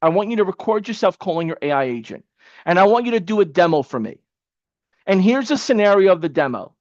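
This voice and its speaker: A man coaching an online class in a casual, energetic, motivational way, repeating himself for emphasis. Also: high-pitched, fast talker, no room sound, muffled recording. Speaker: webinar coach. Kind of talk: live online training.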